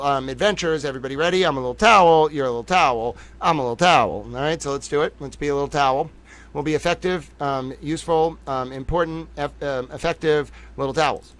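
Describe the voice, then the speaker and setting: A man's voice: on the high side, a bit bright, clear, resonant tone. A man hosting a live-streamed news show in a casual, playful, self-mocking way, giggling and talking to his chat. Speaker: livestream news host.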